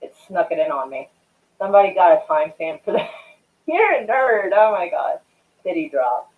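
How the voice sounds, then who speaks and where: Young woman streamer, casual rambling chat, lively swooping voice, swears freely, thin phone-like sound. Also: lowish voice, normal speed. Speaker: livestream host. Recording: tinny phone-like audio.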